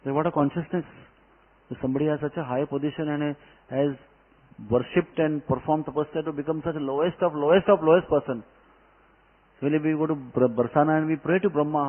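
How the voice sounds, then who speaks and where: A man's voice: fairly high pitch, fairly even intonation, brisk. A man giving a devotional scripture class, telling stories with emphatic delivery. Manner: storytelling, emphatic. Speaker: spiritual teacher. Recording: tinny phone-like line.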